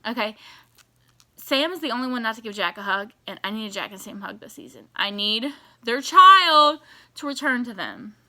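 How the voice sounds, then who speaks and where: A woman giving casual, animated reaction commentary on a TV episode, exasperated and swearing as she rants. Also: a little high, normal speed. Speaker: TV reaction vlogger.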